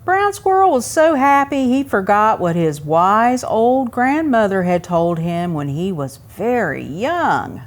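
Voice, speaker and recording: A woman reading a picture book aloud to young children at a museum story time, pausing to ask them questions. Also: medium pitch. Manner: asks young listeners questions, expressive.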